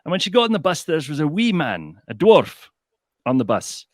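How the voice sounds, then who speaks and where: Scottish storyteller impression, animated, raised pitch, lively, put on by a man. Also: normal speed, no echo, clean studio sound. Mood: storytelling. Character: impression of a famous Scottish comedian telling a story.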